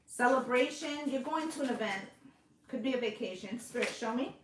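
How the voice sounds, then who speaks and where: A woman's voice: on the high side, moderate pace, a little hiss or hum. A woman giving a casual tarot reading, chatty and coaxing, swearing freely and checking in with her listeners as she goes. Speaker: intuitive tarot reader. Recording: roomy echo.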